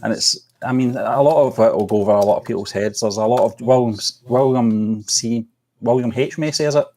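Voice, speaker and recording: A man's voice: mid-range voice, a little fast, mellow. A man co-hosting a casual film chat over a remote call, hesitant, with frequent ums and laughs. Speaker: co-host.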